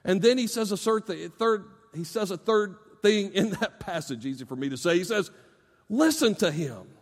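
A middle-aged male pastor preaching a sermon. He speaks straight to parents, swinging from loud emphasis to soft, low asides. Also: normal speed. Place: church sanctuary. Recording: long reverb of a large church hall.

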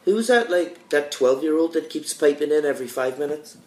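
A man's voice: fairly high pitch, lively intonation, a little fast, roomy sound, low-quality recording. An English man hosting casual chat during an online game, rambling and swearing freely. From England. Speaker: podcast host. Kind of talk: casual chat while gaming.

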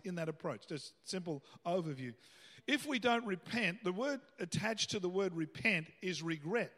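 Male pastor, high voice, casual sermon with emphatic peaks, reverberant church hall. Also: animated, normal speed, a bit bright. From Australia. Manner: conversational preaching, rising to emphatic bursts.

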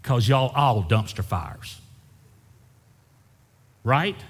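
Pastor preaching, big repeats, folksy jokes, long church echo. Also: male voice, medium pitch, very animated, very slow, slightly rough. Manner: preaching with rising intensity, repeating phrases; folksy, joking with the congregation. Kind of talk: sermon. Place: church sanctuary. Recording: church hall with long reverb.

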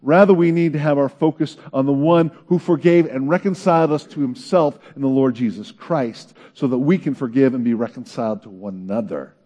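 A man's voice: mid-range voice, a little fast, hardly any pauses, mellow. A man preaching a sermon in an earnest way, his voice climbing into pleading questions. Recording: long reverb of a large hall.

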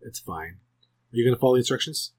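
A man's voice: medium pitch, animated, fast, breathy edge. A middle-aged man hosting a casual snack-tasting podcast, joking and laughing as he talks. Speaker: podcast host. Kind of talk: casual chat.

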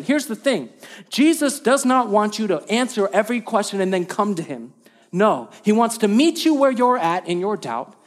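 A male pastor preaching a sermon, earnest and repeating key phrases for emphasis, with light joking asides. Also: high-pitched.

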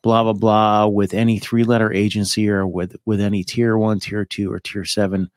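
A man's voice: lowish voice, little pitch movement, moderate pace, dry recording, clean studio sound. A man hosting a podcast, giving firm opinions and steering the conversation. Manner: opinionated, emphatic, steers the talk. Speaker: podcast host.

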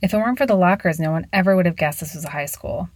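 Low-voiced woman reading a story. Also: rapid-fire, dry recording. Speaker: narrator.

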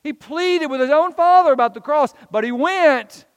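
Pastor guy preaching, high voice, earnest and emphatic, long echo like a big church. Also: normal speed. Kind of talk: sermon.

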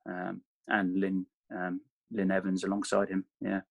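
Male coach guest, deep and even, rambles and self-corrects, dry close sound. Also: unhurried, gravelly, no echo, narrow, tinny audio. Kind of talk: casual interview chat.

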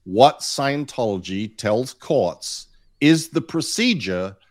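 A man hosting a casual talk show, laying out his points in a measured, deliberate way. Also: medium pitch, animated, no echo, clean studio sound. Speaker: podcast host. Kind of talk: casual chat.

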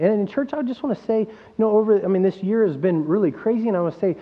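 A man preaching a sermon as pastor, animated, asking rhetorical questions and acting out quoted voices. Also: sits high, fast talker, hardly any pauses. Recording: dull lo-fi sound with long hall reverb and mains hum.

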